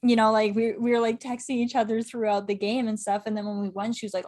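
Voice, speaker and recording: A young woman talking as a podcast guest, at a mid pitch for a woman. She rambles eagerly in casual interview chat, peppering her talk with "like" and breaking into laughter. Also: level tone, darkish tone. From Canada. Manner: chatty, quick, laughs often, heavy use of "like". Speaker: podcast guest, club correspondent.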